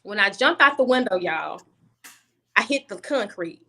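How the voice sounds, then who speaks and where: A woman's voice: medium pitch, animated, moderate pace, bright, forceful tone. A young woman guest on a video call, telling a personal story candidly and bluntly, often restarting her sentences.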